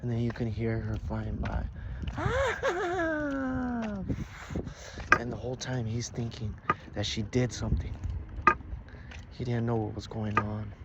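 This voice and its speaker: A man telling an improvised story in a casual way, swinging between loud bursts and near-whispers. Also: fairly low pitch, level tone, normal speed, lo-fi sound. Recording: noisy background.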